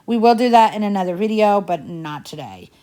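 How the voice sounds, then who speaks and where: A woman's voice: mid-range voice, expressive, a little fast, warm tone. Chatty woman with a Southern twang. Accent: Southern US twang mixed with Midwestern. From Indiana, USA. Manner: talkative, rambling, folksy. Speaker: home cleaning vlogger. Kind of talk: casual chatty narration while cleaning.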